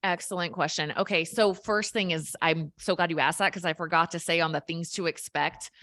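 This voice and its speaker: Lively woman explaining, low voice. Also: a little fast. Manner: energetic, animated, explains simply. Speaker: health coach guest. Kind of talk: casual explanatory chat.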